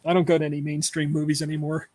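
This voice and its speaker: A man's voice: a little high, monotone, very fast, a little mellow, no echo. A man co-hosting a casual movie podcast, blunt and opinionated and laughing often. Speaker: podcast co-host.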